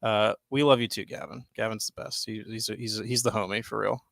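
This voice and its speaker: A young man co-hosting a podcast, chatting loosely and excitedly, swearing freely and filling with "like" and "dude". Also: lowish voice, brisk, creaky, no room sound. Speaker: podcast co-host. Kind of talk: casual chat. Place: home studio, live stream.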